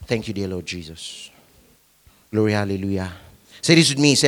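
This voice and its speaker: A man's voice: on the low side, normal speed, long pauses. A male pastor preaching a sermon, leading the congregation in call-and-response. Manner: animated preaching, leads the congregation in repeating lines.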